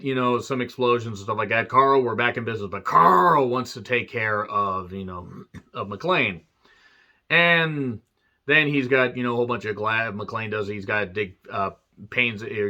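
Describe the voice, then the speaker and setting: Male reviewer, casual profane plot recap, tense bright tone, muffled lo-fi sound. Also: fairly low pitch. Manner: profane, joking asides, many fillers. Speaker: movie reviewer. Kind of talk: casual rambling movie recap.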